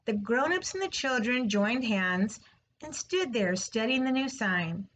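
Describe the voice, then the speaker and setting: A teacher reading a chapter book aloud to her class, her voice sitting a touch high. She reads slowly and clearly, shaping each line with expression. There's a faint hum of room sound behind her. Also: lively intonation, a bit bright, rough recording. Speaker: third grade teacher. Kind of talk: storybook read-aloud.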